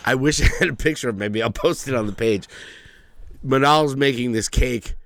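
A man's voice: medium pitch, normal speed, fairly bright tone, no room sound. A man co-hosting a podcast, chiming in with crude jokes and casual banter. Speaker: podcast co-host.

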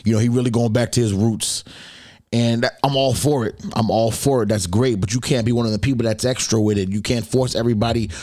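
A man's voice: mid-range voice, fairly even intonation, brisk, dark tone, no echo, clean studio sound. A man hosting his own podcast in loose, slangy casual talk, speaking straight to his listeners, his voice slightly worn. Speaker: podcast host.

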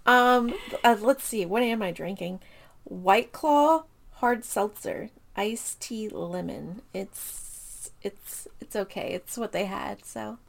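A young woman with a Southern accent, co-hosting a podcast in relaxed chat and laughing easily. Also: mid-range voice, slow, creaky. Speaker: podcast co-host. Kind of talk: casual chat.

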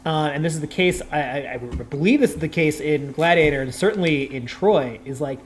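A man guest on a podcast, talking in a casual, animated way, full of quick asides and "like" fillers. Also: fairly high pitch, slight background noise. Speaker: guest, culture writer.

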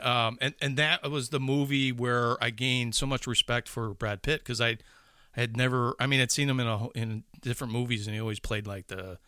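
A man's voice: mid-range voice, sharp tone, dry recording, studio quality. A man chatting casually about movies, rambling with many restarts and swearing. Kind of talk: casual chat about films.

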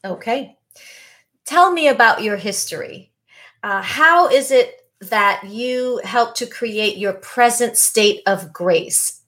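A woman's voice: a little high, slow, fairly bright tone. Polished woman podcast host. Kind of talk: scripted intro and interview.

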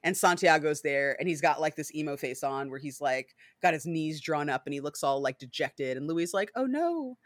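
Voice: fairly even intonation, brisk, hardly any pauses, dry recording, clean studio sound. A podcast co-host in a casual book discussion who talks animatedly, swears freely, and fills sentences with "like" and "right?". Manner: acts out characters with sudden high, loud voices.

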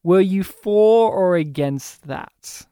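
A man's voice: sits high, takes it slowly, mellow, clean tone, no room sound, clean studio sound. A man hosting a casual movie review chat, enthusiastic and rambling. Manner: enthusiastic, rambling, quotes lines in funny voices. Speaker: podcast host.

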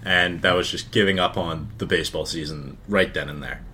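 Low-pitched earnest man talking sports. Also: fairly quick, background noise. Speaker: podcast co-host. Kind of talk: casual sports chat.

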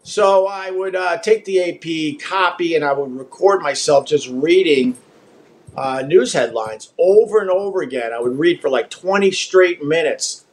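Middle-aged male radio host, light Long Island accent, slightly high voice, loose jokey rambling delivery, under the weather. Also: unhurried. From Long Island, New York. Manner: chatty, jokey and rambling, slips into put-on accents. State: achy and unwell. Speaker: radio talk show host. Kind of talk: casual radio talk with ad reads.

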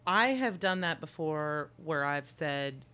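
A woman co-hosting a podcast, recapping a movie in casual chat with an animated, joking, irreverent manner. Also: deep voice, slow pace, clear, resonant tone. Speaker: podcast co-host.

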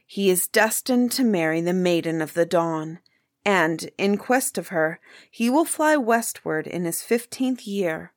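A woman reading aloud, voicing a humble old male seer who speaks in a grave, measured way. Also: on the low side, lively intonation, no room sound, clean studio sound. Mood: solemn.

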